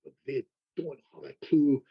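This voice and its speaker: Husky guy rambling through a story, lots of restarts, kinda dull lo-fi sound. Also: a little high, unhurried. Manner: animated anecdotes with repeated restarts. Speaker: hypnotherapist guest. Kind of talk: storytelling in a podcast conversation.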